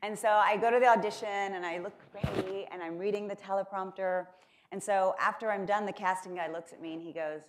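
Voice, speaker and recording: This keynote speaker, a Texan from Corpus Christi, has a mid-range voice with a steady tone and normal pace. In a conference lecture hall she shares chatty, self-mocking stories heavy with fillers.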